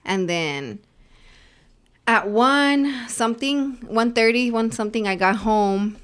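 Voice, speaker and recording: A woman's voice: on the high side, slow, fairly bright tone, smooth. A young woman co-hosting a podcast, chatting casually and rambling through her week, dropping in Spanish phrases. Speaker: podcast co-host. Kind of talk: casual chat.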